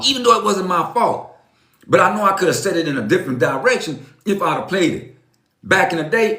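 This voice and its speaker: A man in his fifties gives a motivational talk on a live stream, his voice on the high side and a bit bright, with reverberation around it. He's preachy and emphatic, repeats lines, and calls his viewers "folks."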